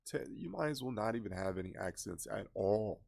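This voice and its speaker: A man's voice: fairly low pitch, expressive, brisk, creaky, darkish tone. A man giving casual reaction commentary on a movie trailer, scoffing and exasperated as he critiques it.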